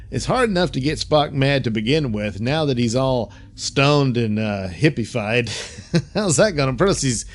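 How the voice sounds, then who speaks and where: A man casually recapping and reviewing a TV episode, chatty, with frequent laughs and fillers. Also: mid-range voice. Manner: chatty, laughs often, many fillers, quick voice impressions. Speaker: reviewer, host.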